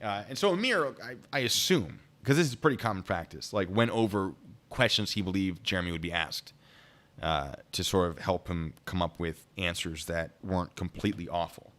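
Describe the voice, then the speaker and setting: A man telling a story on a live stream, excitable and rambling. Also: low voice, normal speed.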